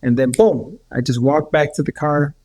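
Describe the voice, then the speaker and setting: A man's voice: a little high, steady tone, normal speed, darkish tone. A man, a healer guest on a podcast, telling a story in a rambling way with many repeats and restarts. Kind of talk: casual storytelling.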